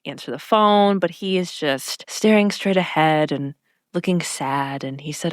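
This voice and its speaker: A woman's voice: on the low side, normal speed, dry recording, clean studio sound. A woman co-hosting a podcast, retelling scenes in casual chat and acting out characters' lines. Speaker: podcast co-host.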